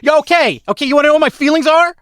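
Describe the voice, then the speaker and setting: A young adult man co-hosting a casual podcast chat, venting in a mock-dramatic way that swings from loud anger to quiet sadness. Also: very high-pitched, racing, no room sound. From United States. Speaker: podcast co-host.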